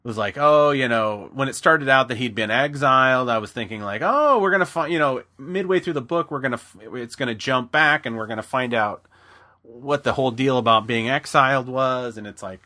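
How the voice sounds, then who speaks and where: A man's voice: mid-range voice, fairly quick, sharp tone. A man co-hosting a podcast, talking casually and rambling with restarts, sometimes slipping into voices. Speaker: podcast co-host. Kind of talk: casual chat.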